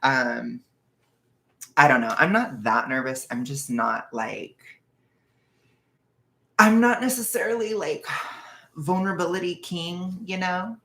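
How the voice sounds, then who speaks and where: A nervous young man vlogging casually from his bedroom, rambling and self-conscious, sometimes dropping into hushed asides. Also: a little high, slow pace, gravelly, pauses often. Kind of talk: casual confessional chat. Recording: echoey room.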